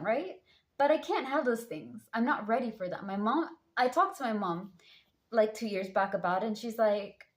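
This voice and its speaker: A woman's voice: fairly high pitch, expressive, normal speed. A woman talking casually to her viewers as a tarot reader, rambling and chatty with lots of fillers. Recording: roomy echo.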